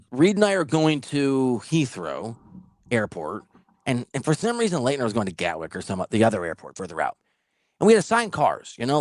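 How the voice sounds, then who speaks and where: Male podcast host, mid-pitch, voice swinging widely as he spins funny stories, dry close sound. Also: no room sound. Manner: animated, laughing storyteller who swears. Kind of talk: casual storytelling chat.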